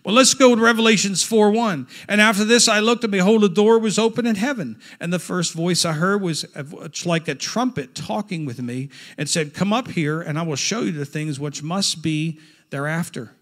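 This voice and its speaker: A male pastor preaching a Pentecostal sermon, reading scripture aloud and building to fervent shouts. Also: high-pitched, moderate pace.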